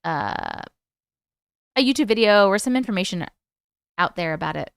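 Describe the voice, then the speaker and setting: A woman's voice: medium pitch, very animated, vocal fry, clear, resonant tone, no echo, studio quality. A young woman hosting a livestream, chatting casually and giggling as she reads out viewer comments. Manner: chatty, giggly, quickly distracted. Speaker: livestream host.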